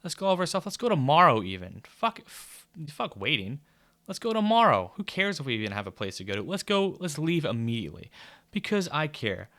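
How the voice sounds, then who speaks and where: A man's voice: a little high, sing-song, brisk, a bit bright, pitched above the performer's own voice. A man putting on the voice of a smarmy husband who sounds falsely soothing, with exaggerated mocking sweetness.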